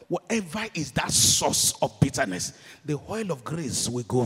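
Nigerian male preacher, slightly high and husky, impassioned sermon delivery, long hall reverb. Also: very animated, moderate pace, hardly any pauses. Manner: impassioned, swings from shouted declarations to hushed storytelling. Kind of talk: sermon with storytelling.

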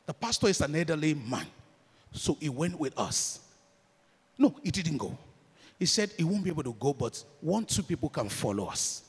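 A Nigerian man preaching in a church hall, his husky voice rising from hushed storytelling to shouted declarations. His pitch leaps and falls all over, and a long reverb trails behind each phrase. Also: sing-song, moderate pace. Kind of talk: sermon with storytelling.

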